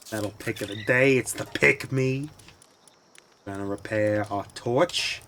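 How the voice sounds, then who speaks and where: Low, slow-talking male game streamer. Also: fairly bright tone, a little hiss or hum. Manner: playful, mock-solemn asides to chat. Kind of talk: live gameplay commentary to chat.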